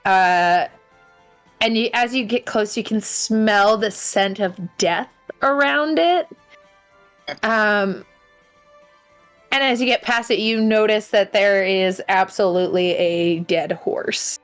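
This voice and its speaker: Lady dm, talks slow and hesitant, ums everywhere, faint music behind. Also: medium pitch, smooth. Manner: hesitant, many fillers. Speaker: game master. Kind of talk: narrating a tabletop game.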